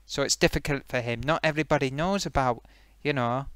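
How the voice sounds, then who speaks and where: A man's voice: medium pitch, fairly quick, fairly bright tone, smooth, no echo, close to an everyday voice. A man voicing a gloating, eager male sock puppet who hosts a comedy stream, rambling with many fillers. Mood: soothing. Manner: rambling, hesitant, lots of fillers. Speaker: host.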